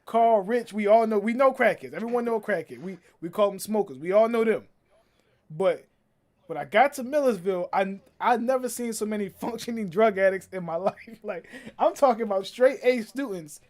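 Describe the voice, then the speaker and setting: A young man with a high, light voice chats casually while streaming. He tells stories in a lively way, acts out what other people said and laughs often along the way. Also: normal speed. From Philadelphia. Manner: animated storyteller, acts out quotes, laughs often. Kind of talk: casual chat.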